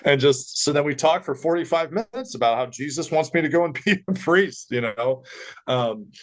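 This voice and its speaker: A man's voice: a little high, moderate pace. A young man, a podcast guest, telling a story in casual chat and acting out the voices of the people he quotes. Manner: animated, acts out others' voices in quotes.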